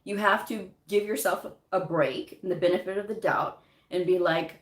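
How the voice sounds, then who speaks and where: A woman in her thirties casually giving job interview advice, chatty and quick to laugh, with many fillers and restarts. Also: lowish voice. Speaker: medical coding vlogger giving job advice. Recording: echoey room.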